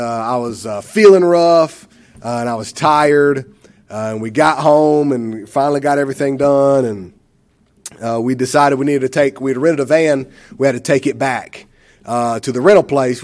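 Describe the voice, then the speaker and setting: A man tells a church testimony, his voice at a middle pitch. He rambles with many fillers, and his speech is emotional. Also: normal speed, darkish tone. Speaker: church member giving a testimony.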